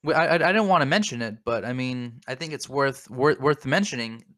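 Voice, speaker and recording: A man's voice: mid-range voice, animated, fairly quick, a bit bright, dry recording, clean studio sound. Rambling mock-earnest man on a podcast. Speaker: podcast co-host. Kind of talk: comedic podcast banter.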